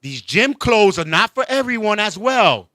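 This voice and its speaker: Bright-voiced joking male talk host. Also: high-pitched, normal speed, dry recording. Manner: joking, animated, laughs often. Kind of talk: casual comedic chat.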